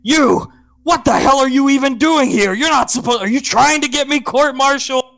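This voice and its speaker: A man voicing a gruff, hot-tempered armored male soldier who keeps shouting in exasperation. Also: sits high, expressive, normal speed, voice pushed up. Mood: angry.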